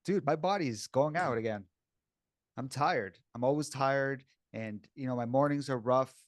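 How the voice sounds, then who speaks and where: A man's voice: medium pitch, a little slow, no echo. Candid man chatting, dry sound. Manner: casual and candid, says "bro" and "dude" often. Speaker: podcast co-host. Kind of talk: casual podcast chat.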